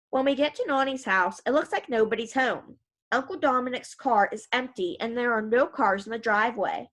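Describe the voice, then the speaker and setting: A woman's voice: fairly high pitch, moderate pace, a bit bright. Woman narrating an audiobook. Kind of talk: first-person audiobook narration.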